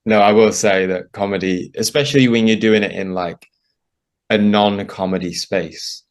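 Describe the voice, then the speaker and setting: A man's voice: lowish voice, fairly even intonation, normal speed. A man who is a musician, a guest on a podcast, chatting casually with laid-back, dry asides. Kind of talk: casual chat.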